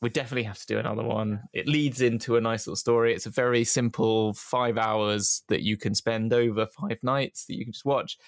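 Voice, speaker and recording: A man's voice: lowish voice, fairly even intonation, fairly quick, few pauses, no room sound. A man co-hosts a podcast in loose, casual chat. He rambles, trips over his own sentences and breaks into laughter often. The sound is dry and close, with no room in it. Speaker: podcast co-host.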